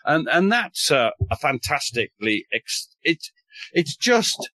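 Animated man, dry sound. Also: a little high, a little slow, no room sound. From north of England. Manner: animated, wry, swears casually, many restarts. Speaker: military historian, guest. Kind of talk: enthusiastic podcast storytelling.

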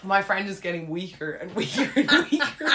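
An Irish woman telling a funny story in casual chat, animated, with frequent laughs and lots of fillers. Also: medium pitch, moderate pace, slight background noise.

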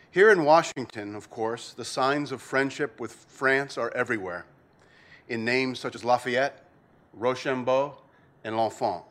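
A man delivering a formal opening address at a policy event, in a measured, ceremonious tone. His voice sits at an ordinary middle pitch. He reads prepared remarks steadily to an audience. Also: fairly bright tone. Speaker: think tank president opening an event. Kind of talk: formal prepared welcome speech.

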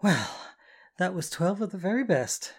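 Narrator doing a loud, theatrical showwoman. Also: mid-range voice, normal speed, gravelly, voice pushed up, lightly acted. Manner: loud, showy, mock-formal. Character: flamboyant, theatrical dominant woman performer. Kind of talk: audiobook character voice.

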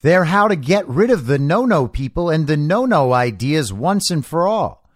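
A man delivering a sarcastic, mocking commentary monologue, his voice set a touch high and swinging widely up and down. The sound is close and dry, with no room around it. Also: big pitch swings, normal speed, no room sound. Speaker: political commentary host. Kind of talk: opinionated monologue.

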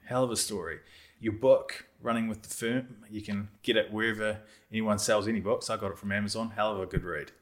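A man hosting a podcast, asking questions in a relaxed, casual way and wrapping up the show. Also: on the low side, brisk. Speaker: podcast host.

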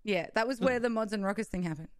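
A woman's voice: mid-range voice, fast, no echo, clean studio sound. A woman comedian on a podcast, telling rambling stories and making crude jokes. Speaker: comedian guest. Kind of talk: casual group chat.

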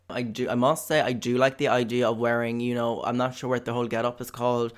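A man's voice: medium pitch, little pitch movement, fast, few pauses. A young man with a Cork Irish accent, riffing through a rambling, profane comic monologue as a podcast host. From Ireland. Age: young adult. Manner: rambling, profane, jokey, with lots of fillers. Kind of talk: comedic monologue.

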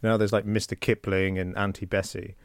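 A man's voice: lowish voice, little pitch movement, fairly quick, dry recording, clean studio sound. A man co-hosting a podcast, rambling through hesitant jokes in casual banter. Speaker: podcast co-host.

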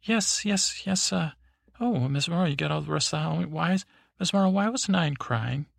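A man telling a bedtime story in a hesitant, halting way. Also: fairly high pitch, lively intonation, gravelly, dry recording, clean studio sound.

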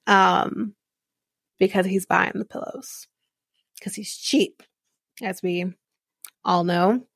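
A woman's voice: mid-range voice, steady tone, takes it slowly, vocal fry, pauses often, no room sound. Chatty woman podcaster, dry close sound. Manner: chatty, rambling, many restarts and fillers. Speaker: podcast host recapping a reality show. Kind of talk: casual chat recap.

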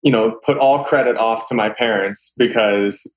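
A man's voice: on the low side, normal speed, rough recording. A young adult man speaking as an interview guest, sincere and easygoing, often breaking into light chuckles. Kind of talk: casual interview chat.

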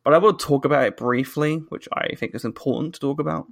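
A man co-hosting a podcast in casual chat, animated and ranting quickly with bursts of laughter. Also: fairly high pitch, gravelly. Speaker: podcast co-host.

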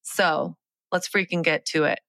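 A woman's voice: low-pitched, a little slow, creaky, fairly bright tone, dry recording. A woman hosting a podcast, upbeat and chatty, laughing often. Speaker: podcast host. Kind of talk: casual podcast chat.

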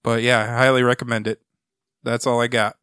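A man's voice: medium pitch, flat delivery, brisk, fairly bright tone, clear, resonant tone, dry recording, clean studio sound. A man co-hosting a comic book podcast, casually recapping a story in a rambling way and acting out quotes as he goes. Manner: rambling plot summary with acted-out quotes.

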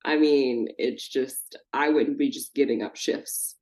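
A woman with a rumbling low, unhurried voice co-hosts a podcast, recapping a reality show in casual, profane chat. She's animated and puts on the voices of the people she describes.

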